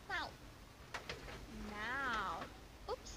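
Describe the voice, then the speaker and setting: A young woman teaching English online, giving a child a demo lesson with slow, exaggerated, sing-song praise. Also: sits high, sing-song. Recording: hissy home recording.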